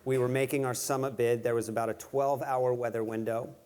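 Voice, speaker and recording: A man's voice: mid-range voice, little pitch movement, fairly quick, a little mellow, clear, resonant tone. A man giving a live talk to an audience, conversational and self-deprecating, telling stories with jokes. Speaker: guest speaker. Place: event venue with audience.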